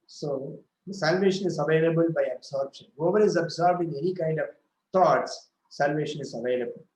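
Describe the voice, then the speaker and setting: A man giving a devotional scripture talk, retelling a story slowly with frequent self-corrections. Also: fairly high pitch, a little mellow, reverberant, slight background noise, rough recording. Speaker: scripture speaker.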